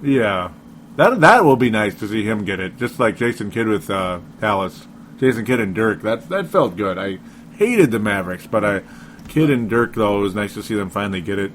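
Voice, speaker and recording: A man's voice: lowish voice, expressive, moderate pace, a bit bright, slight background noise. Rambling man chatting about basketball. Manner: rambling, laughs often, self-interrupting. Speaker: podcast co-host. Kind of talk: casual sports chat.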